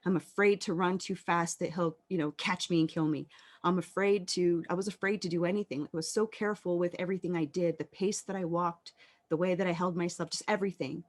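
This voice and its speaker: A woman in her thirties, a podcast guest telling her personal story in an earnest, reflective way with halting pauses. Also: on the low side, steady tone.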